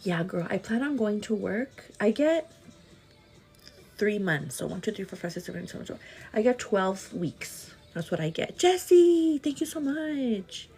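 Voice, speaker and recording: A woman's voice: medium pitch, normal speed, creaky, a little mellow, husky, faint music behind. A woman in her thirties, chatty and casual, doing makeup on a livestream while answering viewer comments and calling them "girl". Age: 30s. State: pregnant with twins. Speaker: livestream host.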